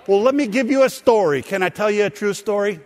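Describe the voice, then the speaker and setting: A male pastor delivers a sermon, mixing stories with quick asides to his congregation. His voice sits a little high for a man. A long reverb from the church hall trails after his words. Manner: storytelling preacher, animated asides to the congregation. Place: church sanctuary.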